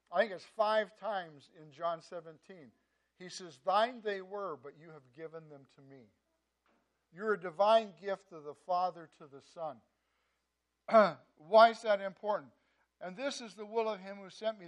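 A man preaching a sermon in a conversational way, often repeating words and saying "you know", swinging between loud emphasis and quiet asides. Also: high-pitched. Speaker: pastor.

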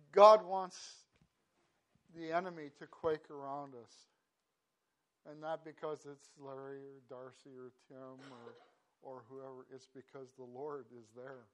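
A man preaching a devotional sermon in an earnest, halting way, stopping and restarting often, then rising into emphatic bursts. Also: medium pitch, fairly bright tone. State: choked up. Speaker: pastor.

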